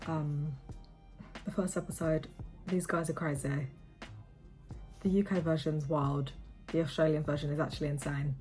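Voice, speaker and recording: A young woman chats to camera while she goes about her day at home. Her voice sits a little low, and her delivery is upbeat and talkative. Soft background music runs quietly beneath her. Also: fairly even intonation, moderate pace, long pauses. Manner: chatty and upbeat, talks to camera. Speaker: vlogger. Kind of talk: casual vlog chat. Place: home, indoors.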